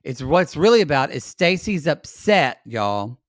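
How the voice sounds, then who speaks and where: A slightly high-voiced man co-hosting a podcast, talking in a chatty, animated way and calling his listeners y'all. His pitch bounces widely, and the recording is dry and close. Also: a little slow, no echo. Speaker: podcast co-host. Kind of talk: casual recap chat.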